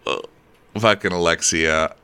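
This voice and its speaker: A man co-hosting a casual show recap, gossipy and animated, often slipping into mocking impressions. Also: low-pitched, slow pace, smooth. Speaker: podcast co-host.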